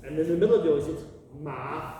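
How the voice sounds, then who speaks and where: Man, high voice, playful teacher, echoey hall, far from mic, crowd around. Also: a little fast. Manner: animated, exaggerated tones, playful teacherly. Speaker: workshop leader teaching Cantonese greetings. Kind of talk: lively lesson for children and families. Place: large gallery hall with crowd. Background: crowd of listeners.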